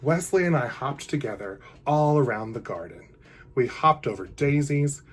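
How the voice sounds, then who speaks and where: A man reading a picture book aloud to children in an animated, playful way, with hushed asides. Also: medium pitch, moderate pace, breathy edge. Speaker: drag queen storyteller.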